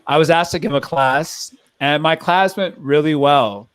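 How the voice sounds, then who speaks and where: A man's voice: a little high, measured pace, fairly bright tone, smooth, no room sound. A young man hosting a podcast, telling a story and asking a long question in a thoughtful, rambling way. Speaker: podcast host. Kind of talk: casual podcast chat.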